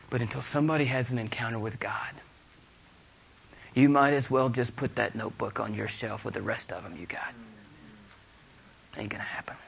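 A man preaching a sermon to a congregation, moving between hushed storytelling and loud, fervent exhortation. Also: medium pitch, vocal fry, breathy edge, low-quality recording.

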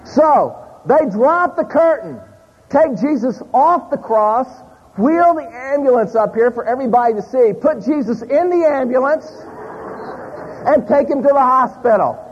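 High-voiced pastor telling a story. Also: male voice, measured pace, breathy edge. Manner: animated storyteller, addressing a live congregation. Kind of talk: sermon storytelling. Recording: muffled audio in a large hall.

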